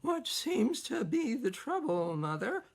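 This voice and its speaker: A polite, aging country fellow from a told folktale stammers through his questions, a little higher than a man's voice, as a woman storyteller voices him. He sounds gentle and unhurried, with a creaky edge. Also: sing-song, exaggerated voice. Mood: puzzled.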